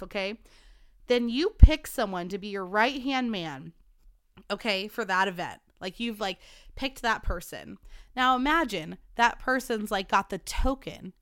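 A young woman hosting a podcast, telling a story in a dramatic, animated way and swearing freely. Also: fairly high pitch, smooth, no room sound, clean studio sound. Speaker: podcast host. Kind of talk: casual storytelling chat.

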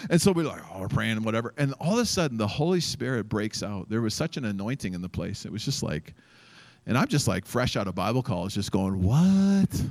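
Animated storytelling male pastor. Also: lowish voice, brisk. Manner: animated, acts out quotes, many fillers. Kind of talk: sermon storytelling. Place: church event stage.

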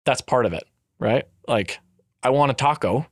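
A young man rambles through a casual podcast chat, full of fillers and lively swings in pitch. The recording is dry and close. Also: normal speed, no room sound. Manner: rambling, animated, with frequent fillers.

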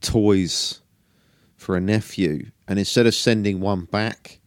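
A man's voice: lowish voice, steady tone, slow pace, no room sound. A man co-hosting a podcast in casual chat, hesitant and dry, with many ums. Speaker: podcast co-host.

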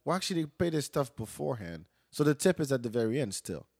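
A man hosting a podcast, prodding his guest with quick questions and joking asides in casual chat. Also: mid-range voice, big pitch swings, creaky, a little mellow, slightly rough, dry recording, studio quality. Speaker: podcast host.

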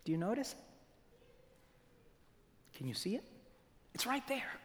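A male preacher delivers a sermon at an unhurried, deliberate pace, posing rhetorical questions to his listeners. His voice swings from loud emphasis down to hushed whispers. A long reverb trails behind him in the church sanctuary. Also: very high-pitched, very animated.

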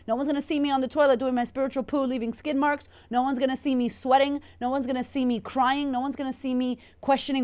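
A woman from Puerto Rico, a confidence coach hosting an Instagram live Q&A, talking in a brash, energetic way full of swearing while she answers viewer comments. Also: on the high side, brisk. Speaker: confidence coach and podcast host.

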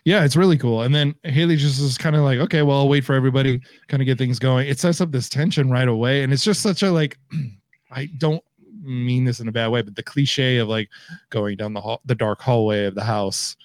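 Animated male podcast co-host, dry sound. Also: mid-range voice, fairly quick, dry recording. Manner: animated, acts out reactions in quotes. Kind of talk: casual chat. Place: home, remote recording.

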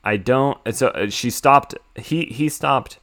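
A young man co-hosting a podcast, casually recapping a film in a rambling, excitable way and swearing freely. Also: mid-range voice, takes it slowly. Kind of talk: casual chat.

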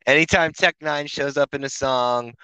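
A man's voice: mid-range voice, fairly even intonation, moderate pace, sharp tone, clear, resonant tone, no room sound, low-quality recording. A man chatting on a podcast, telling rambling stories full of swearing and restarts. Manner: rambling, profane storytelling. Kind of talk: casual podcast chat.

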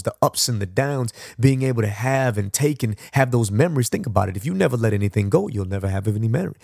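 A man's voice: on the low side, vocal fry, a little mellow, slightly rough, no echo, clean studio sound. A man hosting a podcast, giving a reflective motivational monologue in a conversational, rambling way with frequent restarts. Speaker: podcast host.

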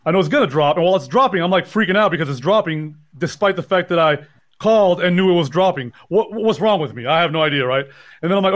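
A man's voice: high voice, expressive, quick pace. A sleep-deprived man co-hosting a podcast in casual chat, rambling and mocking himself with frequent laughs. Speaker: podcast co-host.

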